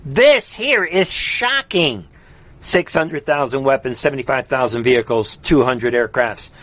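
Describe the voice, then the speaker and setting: A man hosting live political commentary in a heated, mocking, rapid ranting manner. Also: mid-range voice, animated, a bit bright, dry recording. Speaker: host.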